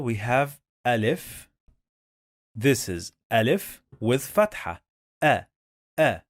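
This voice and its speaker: Slow, patient man teaching pronunciation. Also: medium pitch, no echo, clean studio sound. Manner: patient, repeats sounds many times. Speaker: Quran reading teacher. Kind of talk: slow step-by-step language lesson.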